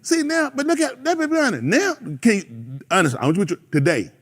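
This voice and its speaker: A man's voice: high voice, a little fast. A man preaching a fiery sermon, calling out members of the congregation by name. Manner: animated, preachy, calls out listeners by name.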